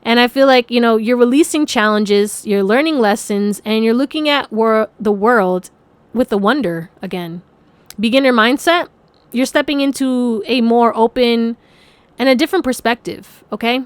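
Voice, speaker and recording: A young woman doing a casual tarot reading, talking in a fairly high voice that rambles from thought to thought. She swears freely and laughs often, and her voice sounds close and dry, with no room around it. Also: moderate pace, clean tone, no echo. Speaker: tarot card reader.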